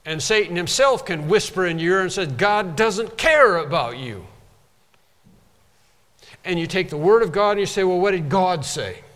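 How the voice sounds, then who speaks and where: A man's voice: sits high, fast talker, few pauses, long reverb tail. A man preaching a sermon, emphatic and repeating phrases to drive them home.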